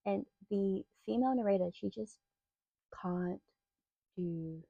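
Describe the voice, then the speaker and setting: Australian woman, young, chatty book vlogger, warm gravelly voice, slightly dull lo-fi recording. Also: mid-range voice, no room sound. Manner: chatty, rambling, quick to rant. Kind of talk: casual book review chat.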